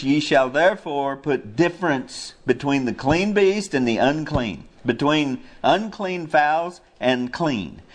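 A man preaching a sermon, passionate, climbing into high, loud cries when he quotes scripture. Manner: impassioned, rises to high cries when quoting. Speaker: pastor.

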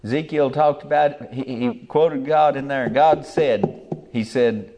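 A man's voice: mid-range voice, takes it slowly, mellow, highs cut off, slight background noise. An older man, preaching a sermon in a folksy, rambling way with rural grammar.

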